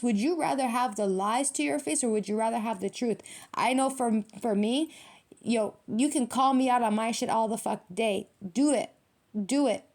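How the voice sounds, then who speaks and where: A woman's voice: a little high, a little mellow. Blunt, profane woman reading tarot. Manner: blunt, profane, emphatic street slang. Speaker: tarot reader. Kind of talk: casual tarot reading monologue.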